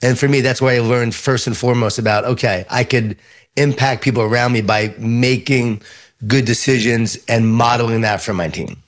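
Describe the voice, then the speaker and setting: A middle-aged man with a Long Island New York accent, a guest author giving lively storytelling answers in an interview. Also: mid-range voice, normal speed.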